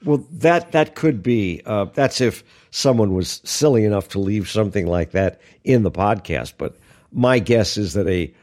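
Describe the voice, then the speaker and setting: A man's voice: fairly low pitch, expressive, moderate pace, a little mellow. A man co-hosting an aviation podcast, chatting casually and telling stories with many fillers and restarts. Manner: rambling storyteller, many fillers. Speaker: podcast co-host. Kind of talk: casual chat.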